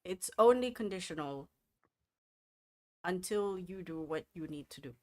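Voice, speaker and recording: A woman voicing a composed female leader in a tabletop game, speaking in a measured, formal way. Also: fairly low pitch, animated, a little mellow.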